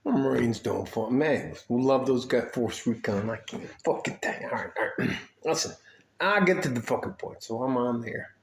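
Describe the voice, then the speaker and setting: An older man from Detroit telling rambling, profane army stories in a casual way, with frequent asides and throat clearing. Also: mid-range voice, animated, normal speed. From Detroit, USA. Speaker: army veteran storyteller. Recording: echoey room.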